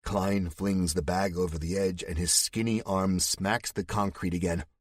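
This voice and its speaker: A man's voice: deep voice, fairly even intonation, unhurried, dry recording, studio quality. A man narrating a first-person thriller audiobook with a gritty, tense delivery.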